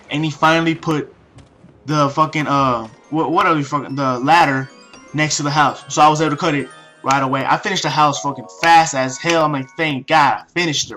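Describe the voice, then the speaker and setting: A young man tells a rambling story, swearing constantly and restarting his sentences. His voice sits a little high and sounds bright and sharp. Faint music plays behind him. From Mexican heritage. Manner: profane, rambling, many restarts and fillers. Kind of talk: casual rant-style story.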